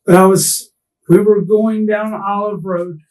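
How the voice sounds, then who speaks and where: A distraught, tearful man being interrogated, talking haltingly and restarting his sentences. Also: high-pitched, steady tone, darkish tone, recorded from a distance, rough recording. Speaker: murder suspect under interrogation. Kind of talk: police interrogation.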